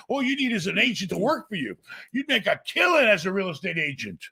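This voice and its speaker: An older man hosting a podcast, talking bluntly and profanely, mocking and often shouting. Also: very high voice, lively intonation, fast talker, vocal fry, husky. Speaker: podcast host. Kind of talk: blunt casual chat.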